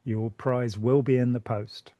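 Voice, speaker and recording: A British man hosts a relaxed conversation, wandering from point to point with wry jokes and false starts. His voice sounds a little worn by the end. The sound is dry and close. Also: medium pitch, a little slow, no echo, lo-fi sound. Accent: British English. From Britain. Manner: rambling, joking, stumbles and repeats words. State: voice tiring. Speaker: channel host. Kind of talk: casual conversation.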